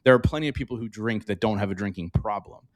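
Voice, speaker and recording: A man's voice: lowish voice, fast talker. A man talking as a podcast guest, reflective and earnest, speaking openly in a candid interview.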